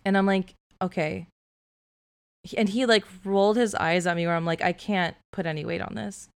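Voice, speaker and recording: A woman co-hosting a podcast, chatting casually and telling a story full of "like" fillers. Her voice is smooth and resonant at a mid pitch. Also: moderate pace. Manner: animated storyteller, filler-heavy "like". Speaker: podcast co-host. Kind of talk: casual chat.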